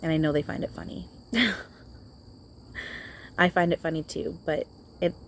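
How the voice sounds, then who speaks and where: A woman's voice: sits low, level tone, normal speed, a little hiss or hum. A woman talking outdoors in a channeling vlog, hesitant and reassuring, often repeating herself. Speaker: spiritual channeler.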